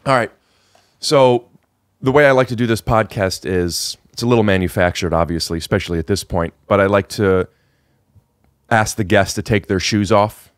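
Here a man hosts a podcast from his living room, rambling and backing up to restart as he chats casually with his guest. His pitch is fairly low and his pace moderate, captured dry and clean through a podcast microphone with studio-quality sound.

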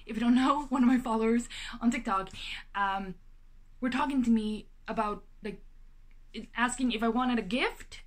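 A high-voiced young woman chats to the camera in her apartment while opening a package. She is talkative and excitable, breaking into gasps and exclamations between rambling asides. A faint hiss sits under the home recording. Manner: chatty and excitable, gasping and exclaiming, many fillers. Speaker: vlogger. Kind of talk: casual unboxing vlog.

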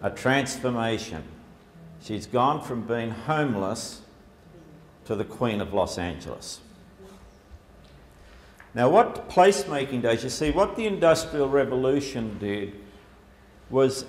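His medium-pitched voice is animated yet unhurried as the Australian presenter jokes his way through a slide talk, full of fillers, before a lecture-hall crowd. Echo and faint noise color the recording.

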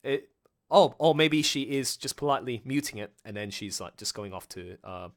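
A man hosting a casual livestream chat with voice actors, excitable and rambling, laughing often. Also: mid-range voice, normal speed. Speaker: livestream host.

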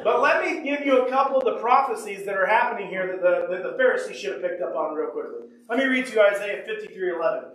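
A man preaches with a notably high voice, reading scripture aloud and repeating key lines for emphasis. The mic sits well back from him, so his voice rings through a very reverberant church room. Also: animated, fast talker, hardly any pauses, a bit bright. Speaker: pastor. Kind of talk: sermon. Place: church sanctuary. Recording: echoey room, mic far off.

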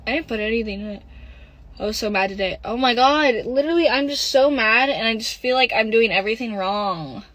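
A young woman on a phone livestream, venting and close to tears, halting, with lots of "like" and "literally" as she reads comments. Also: on the high side, lively intonation, a bit bright, no room sound, low-quality recording. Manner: frequent "like" and "literally", halting and upset. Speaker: livestream host. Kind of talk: casual livestream chat, reading comments.

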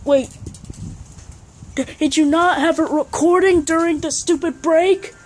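A woman's voice: very high-pitched, steady tone, unhurried. A woman playing a bossy, short-tempered young film director in an amateur comedy sketch, scolding and exasperated.

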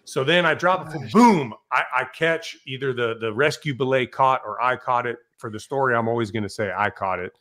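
Middle-aged male firefighter guest; lively storyteller who voices the people in his tales. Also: mid-range voice, a little fast, hardly any pauses. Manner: animated storyteller, swears, acts out quotes loudly. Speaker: podcast guest, fire captain. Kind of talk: casual storytelling.

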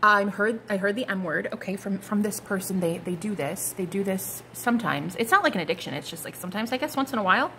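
A woman's voice: mid-range voice, animated, fast, hardly any pauses, pushed and bright, a little hiss or hum. A woman giving a casual, gushing tarot reading, full of slang and asides. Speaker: tarot card reader.

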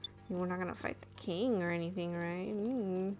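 A woman's voice: fairly low pitch, steady tone, moderate pace, darkish tone, soft background music. A woman giving casual, chatty commentary while playing a video game, easily delighted by what she sees. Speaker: let's play commentator.

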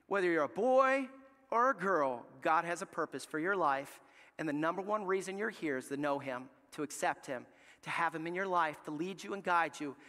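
A man preaching a sermon as pastor, telling a family story with lively acted-out dialogue. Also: fairly high pitch, normal speed. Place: large church sanctuary. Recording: live church hall reverb.

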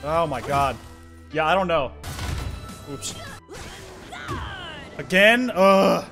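A man gives excitable, profane running commentary on a video game he is streaming. His voice is high and bright, and he speaks into a close mic. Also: takes it slowly, faint music behind. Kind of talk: gameplay commentary.

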